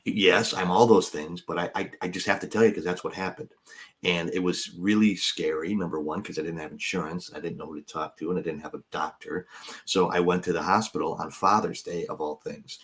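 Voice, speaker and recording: A man's voice: low voice, fairly even intonation, brisk, a bit bright. A man in his fifties, a comedian and podcast co-host, telling a personal story in a jokey, self-deprecating way and acting out other people's lines. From United States. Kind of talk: casual storytelling chat.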